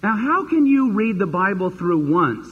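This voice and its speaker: A man preaching a sermon as pastor, animated and acting out the voices he quotes. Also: high-pitched, measured pace, slightly rough. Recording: dull lo-fi sermon recording with long reverb.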